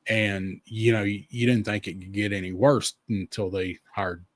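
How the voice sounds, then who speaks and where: Easygoing low-voiced podcast host. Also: male voice, steady tone, normal speed, no echo. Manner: easygoing, rambling, lots of fillers. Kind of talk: casual chat.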